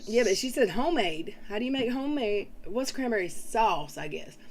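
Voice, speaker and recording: A woman's voice: on the high side, expressive, moderate pace, a crowd in the background. Woman host chatting with her stream. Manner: rambling, reads and answers chat comments. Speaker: livestream host. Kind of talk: casual livestream chat.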